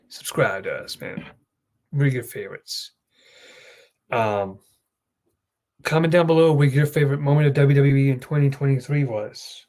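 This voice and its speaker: A man's voice: mid-range voice, normal speed, long pauses. A young man hosting his channel, telling an emotional story in a rambling casual way. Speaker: host. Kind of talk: casual chat.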